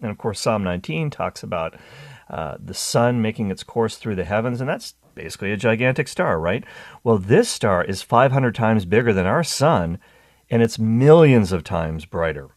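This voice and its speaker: A man hosting a Catholic radio talk show, talking with enthusiasm, restarting phrases and jumping in pitch on exciting points. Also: normal speed, no room sound, studio quality. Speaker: radio host.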